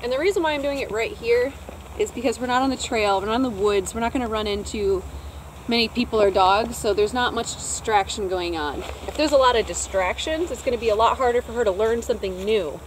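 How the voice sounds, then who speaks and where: A woman's voice: on the high side, a little fast, a little hiss or hum, low-quality recording. A woman dog trainer casually explaining her method outdoors, chatting as she works. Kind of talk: casual instructional talk. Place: outdoors, quiet snowy open area.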